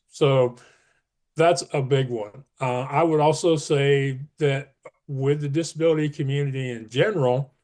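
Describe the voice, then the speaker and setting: A man's voice: medium pitch, darkish tone. A man speaking as a podcast guest, earnest and emphatic, pushing up his voice on key advice. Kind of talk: casual interview talk.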